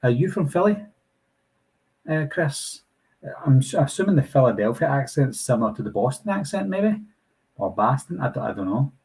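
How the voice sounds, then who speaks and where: A man's voice: mid-range voice, big pitch swings, fairly quick, vocal fry, a little mellow, slightly rough, rough recording. A young man with a Glasgow accent, hosting a casual live Q&A and answering viewer comments in a chatty, apologetic way. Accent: Scottish, Glasgow. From Scotland. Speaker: channel host answering live chat.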